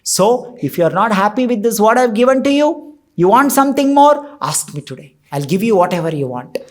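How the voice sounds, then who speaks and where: A man's voice: high-pitched, big pitch swings, fairly quick. A man speaking as an overjoyed, generous queen who is effusive and eager to give. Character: overjoyed generous queen, middle-aged woman.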